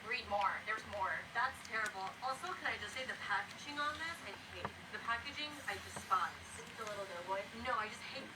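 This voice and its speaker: Woman, high voice, lively and teasing, mic at a distance over noise. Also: fast, few pauses. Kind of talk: casual cooking show banter.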